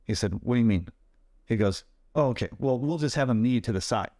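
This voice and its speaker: A man tells his stunt stories with bounce and energy, jumping up in pitch when he acts out other people's lines. His voice sits in an ordinary middle register. The sound is close and dry, with no room around it. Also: brisk, no room sound. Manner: animated anecdotes, acts out quoted voices. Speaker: stuntman guest. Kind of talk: casual storytelling interview.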